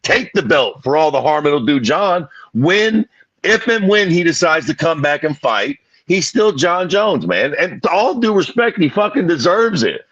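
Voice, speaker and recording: A man's voice: on the high side, very animated, measured pace, a bit bright, slightly rough, no echo. Profane ranting man, dry muffled sound. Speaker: podcast co-host. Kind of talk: casual sports chat.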